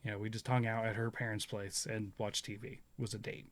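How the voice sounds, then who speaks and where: A man's voice: on the low side, flat delivery, quick pace, a bit bright. A man in his thirties hosting a casual chat, rambling through stories, laughing often and acting out what others said. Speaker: podcast host.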